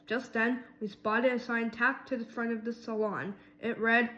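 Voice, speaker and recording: Woman reading a kids' story aloud, slightly high voice, lively, in a roomy space. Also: normal speed, hardly any pauses. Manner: lively, voices each mouse character. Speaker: reader.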